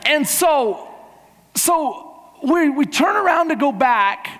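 A man preaching as a pastor, telling a funny travel story in a lively way and acting out the people in it. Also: extremely high pitch, slow. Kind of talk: sermon with a humorous travel story. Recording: long hall reverb in a church.

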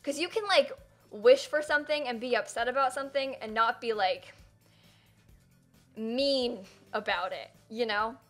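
A woman's voice: a little high, measured pace, soft background music. A young woman streaming live, chatting casually and rambling with lots of fillers as she reads chat and thanks viewers.

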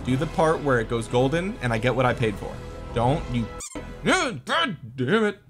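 A man's voice: medium pitch, brisk, soft background music. A young man giving gameplay commentary, with exasperated, joking rants at the game. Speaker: gaming content creator.

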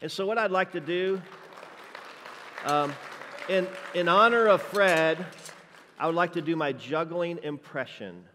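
A man's voice: on the high side, measured pace, long pauses, sharp tone, slight background noise. A man preaching a church sermon as a guest juggler, playful and jokey, working the crowd with energy. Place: church sanctuary. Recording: reverberant church hall.

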